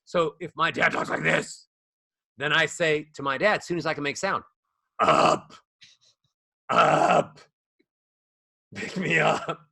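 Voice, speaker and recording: A man's voice: a little high, normal speed, vocal fry, bright, forceful tone, dry recording, studio quality. A man talking as a voice coach guest on a podcast, playful and acting out the voices of others. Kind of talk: animated podcast conversation.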